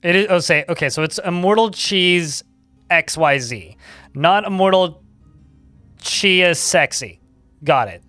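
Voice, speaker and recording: A man's voice: sits high, expressive, measured pace, long pauses, sharp tone, dry recording, soft background music. A man giving casual live gameplay commentary, chatting, reading game text aloud and swearing casually. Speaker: game streamer.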